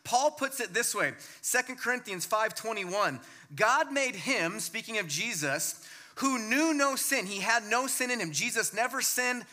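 Bright-voiced pastor preaching with emphasis. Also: male voice. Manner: emphatic, dropping to a hushed low voice for key points. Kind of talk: sermon.

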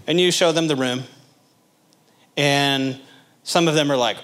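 Preaching a sermon, a man with a fairly high voice keeps a measured pace and pauses often. He animatedly asks his congregation direct questions and plays out small scenes using character voices.

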